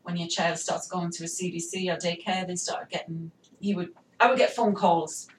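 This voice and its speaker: A woman's voice: fairly low pitch, steady tone, normal speed, slight background noise. English woman, distant in a roomy space. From England. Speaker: military spouse. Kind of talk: casual podcast conversation. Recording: roomy, distant mic, faint ambience.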